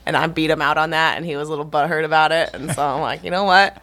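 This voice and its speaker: Woman guest, fast and bright, blunt playful chat. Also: low-pitched, fairly even intonation. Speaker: guest fighter. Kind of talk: casual podcast chat.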